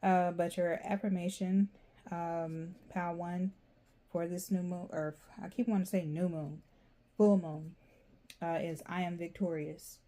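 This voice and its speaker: A woman's voice: lowish voice, steady tone, unhurried, dark tone. Rambling, chatty woman reading tarot. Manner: rambling, chatty, laughs often. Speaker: tarot reader.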